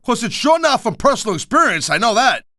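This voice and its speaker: High bright-voiced guy, gruff wisecracking wrestling color commentary, dry close mic, lively delivery. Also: quick pace, no echo. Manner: gruff tough-guy slang, blunt and wisecracking. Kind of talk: pro wrestling video game commentary.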